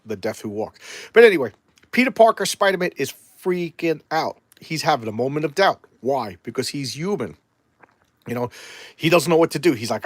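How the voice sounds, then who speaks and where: A man's voice: on the high side, no room sound. A man rambling through an opinionated casual review of an old comic book.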